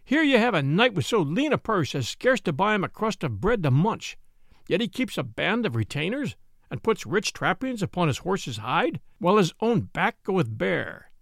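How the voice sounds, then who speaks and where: A greedy, pompous prior who gloats over his schemes and quivers when crossed, as a man puts him on. The voice rides high and swings widely, with a gravelly rasp. The sound is dry and close. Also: very animated, normal speed, fairly bright tone, dry recording, heavily acted. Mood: scornful. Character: greedy pompous male prior, hot-tempered.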